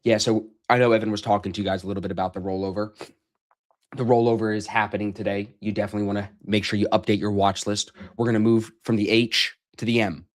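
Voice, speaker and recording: A man's voice: lowish voice, little pitch movement, quick pace. A man hosting a live trading stream, talking casually, joking and swearing freely. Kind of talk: casual livestream chat.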